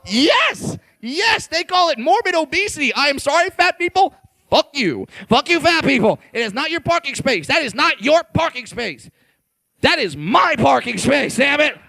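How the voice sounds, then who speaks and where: A man's voice: very high voice, big pitch swings, normal speed, gravelly, sharp tone, dry recording. A man from California performing a stand-up routine on a comedy stage, brash, profane and punchy, hammering his points home.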